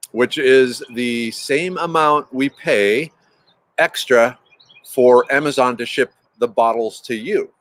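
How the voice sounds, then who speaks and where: A man chatting casually as the host of a livestream. He talks at an ordinary middle pitch, rambles and often restarts his sentences. He greets his viewers by name as he goes. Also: fairly bright tone.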